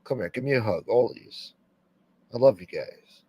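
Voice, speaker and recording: A man's voice: mid-range voice, animated, moderate pace, darkish tone, husky. A man hosting a casual livestream, rambling, swearing freely and reading viewer comments aloud. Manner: rambling, profane, reads chat aloud. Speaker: livestream host.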